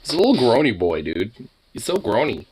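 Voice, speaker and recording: A man talking to his pet in casual, teasing baby talk, with a high, sing-song cooing manner. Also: huge pitch swings, a little fast, darkish tone, slight background noise. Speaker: pet owner vlogger.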